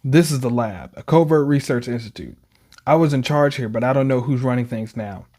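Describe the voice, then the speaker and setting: A man reading the lines of a calm, long-winded male lab chief in a measured, explaining way, close to his own voice. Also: medium pitch, close to an everyday voice.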